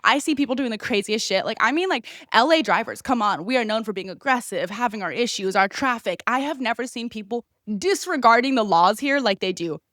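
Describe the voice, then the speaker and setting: A young woman from California, hosting a podcast, ranting in animated casual chat and swearing freely. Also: fairly high pitch, a little fast, few pauses, no room sound, clean studio sound. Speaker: podcast host.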